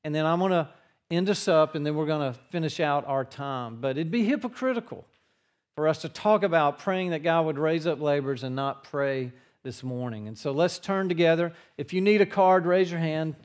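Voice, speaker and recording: A man preaching a sermon to his congregation in a church, earnest in tone and dropping his voice low for the quiet passages. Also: normal speed, clean tone. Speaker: pastor.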